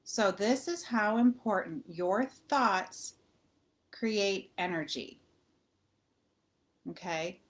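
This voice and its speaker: A woman's voice: medium pitch, animated, drawn-out words, pauses often. A woman hosting a live video, talking casually and chattily to her viewers, rambling a little and calling them "you guys". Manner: rambling, full of fillers and restarts. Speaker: motivational author and group host.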